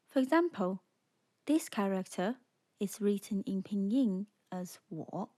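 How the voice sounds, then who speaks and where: A woman narrating a scripted beginner language lesson, speaking slowly and clearly and demonstrating sounds for the listener to repeat. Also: medium pitch, dark tone. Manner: slow, clear, demonstrating tones. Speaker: language teacher.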